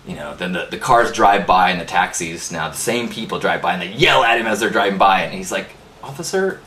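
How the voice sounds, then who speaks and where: A man hosting a live inspirational talk, praying and then telling a story in an earnest, animated way. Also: sits low, a little fast. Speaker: host. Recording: roomy live webcast audio.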